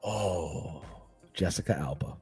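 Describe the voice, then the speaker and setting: A man's voice: sits low, slow, vocal fry, darkish tone, husky, soft background music. A middle-aged man chatting as a podcast guest in a laid-back, joking way, full of slang. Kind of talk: casual chat.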